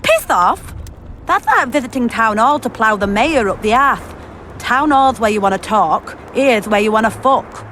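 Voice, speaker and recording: An actress playing a bawdy, blunt camp prostitute in a video game, speaking crudely with a slight lisp. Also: female voice, a little high, expressive, moderate pace, a bit bright, a little hiss or hum. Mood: scornful. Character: bawdy brash young camp prostitute woman.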